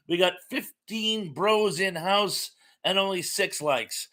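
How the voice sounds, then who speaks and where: A man's voice: high-pitched, measured pace, hardly any pauses, pushed and bright. A man hosting a live stream, chatting casually as he reads out viewer comments in a friendly, rambling way with many fillers.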